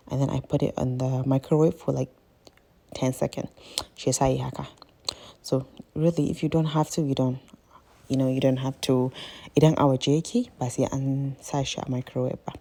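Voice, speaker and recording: Gravelly low-voiced woman. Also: level tone, fairly quick, warm tone. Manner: chatty, rambling, keeps addressing viewers as guys. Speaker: cooking vlogger. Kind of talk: casual cooking vlog.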